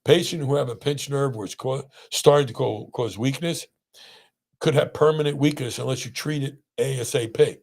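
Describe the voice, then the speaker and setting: A man's voice: medium pitch, moderate pace, gravelly. A middle-aged man, a pain doctor hosting a podcast, telling stories in casual chat and acting out the people he quotes. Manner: animated, acts out quoted voices.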